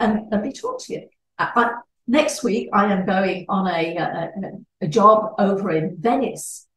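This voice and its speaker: A woman, a networking trainer giving a lively presentation talk and acting out little dialogues. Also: mid-range voice. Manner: animated, acts out little dialogues. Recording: echoey room, distant mic.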